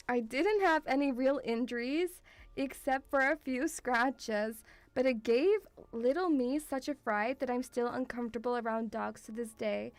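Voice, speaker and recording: Giggly high-voiced streamer woman, affectionate. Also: unhurried. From Russia. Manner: affectionate, calls the viewer sweetie, giggly. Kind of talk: casual stream chat reading viewer messages.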